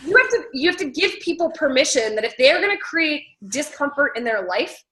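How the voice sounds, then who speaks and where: Female host, bright and a little high, animated and chatty. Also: a little fast, slight background noise, poor audio. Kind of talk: casual coaching chat.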